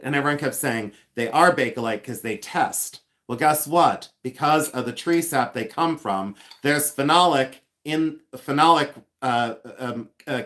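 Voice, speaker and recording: A man from Ohio hosts a live stream as a reseller, chatting loosely and rambling from one thing to the next. He leans on lots of fillers and slows down to spell words out letter by letter. His voice sits at an ordinary middle pitch for a man. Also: a bit bright. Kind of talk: casual live-stream chat.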